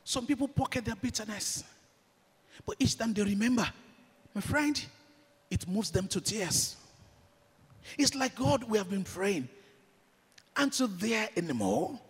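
Impassioned Nigerian preacher, husky and lively. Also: male voice, high-pitched, measured pace, pauses often. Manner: impassioned, swings from shouted declarations to hushed storytelling. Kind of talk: sermon with storytelling. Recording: long hall reverb.

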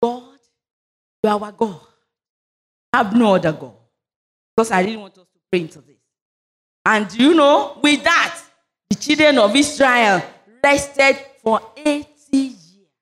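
A woman's voice: a little high, animated, unhurried, pauses often. A woman preaching a sermon, reading scripture and leading fervent prayer. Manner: fervent, rising into loud declarations during prayer.

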